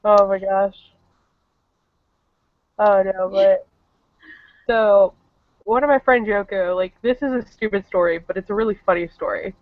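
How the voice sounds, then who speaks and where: A man's voice: sits high, unhurried, long pauses, no echo. A man appearing as a guest on a casual stream chat and telling rambling anecdotes. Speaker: guest cosplayer. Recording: dull lo-fi stream audio.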